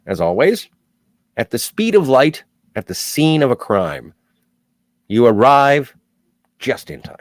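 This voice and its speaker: A man's voice: mid-range voice, no room sound. A man from Southern Ontario hosting a casual livestream, reading viewer chat aloud with playful jokey asides. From Southern Ontario, Canada.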